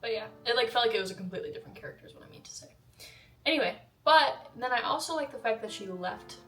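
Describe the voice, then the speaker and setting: A woman's voice: on the high side, animated, fast talker, sharp tone. A young woman vlogs about a movie in a loose, rambling way, with lots of fillers and side comments. Her voice sits a little back from the mic in an echoey room, with a faint bed of music underneath. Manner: chatty, rambling, many fillers and asides. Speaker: vlogger. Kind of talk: casual film review monologue. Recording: roomy echo, voice a bit far from mic.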